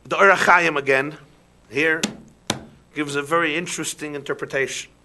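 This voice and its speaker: A man, a rabbi, giving a sermon with animated rhetorical questions that drop into soft emphasis. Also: on the high side, moderate pace, noisy background.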